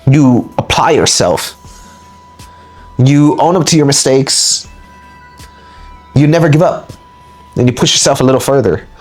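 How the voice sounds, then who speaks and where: A man's voice: medium pitch, expressive, a little slow, long pauses, faint music behind. A man giving a motivational spiritual lecture as host, speaking emphatically and repeating words for punch. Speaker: spiritual teacher and channel host.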